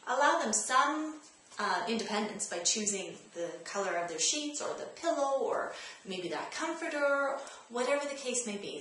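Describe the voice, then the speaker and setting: A woman's voice: mid-range voice, a bit bright, slight background noise. A woman hosting a parenting tips vlog, talking straight to the viewer in a direct, coaching way and repeating her key points. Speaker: parenting advice host. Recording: very echoey room, faint ambience.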